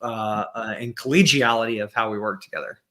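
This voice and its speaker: A man's voice: fairly low pitch, fairly quick, a bit bright. A man as a podcast guest in casual conversation, thinking aloud with many fillers and restarts, over a video call.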